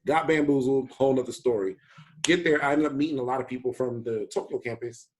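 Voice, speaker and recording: A man on a podcast telling a personal story in a relaxed, casual way, swearing now and then. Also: mid-range voice, fast talker, slight background noise. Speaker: podcast co-host. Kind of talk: casual chat.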